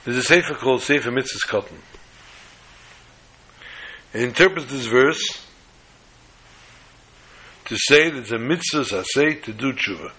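A man teaching a sermon on the weekly Torah portion in a measured, halting way, often restarting phrases. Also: mid-range voice, lively intonation, pushed and bright, low-quality recording.

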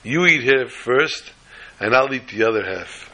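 A man's voice: mid-range voice, expressive, a little slow, sharp tone, poor audio. A man voicing a fussy, demanding little boy who refuses to eat, in a whiny, stubborn tone.

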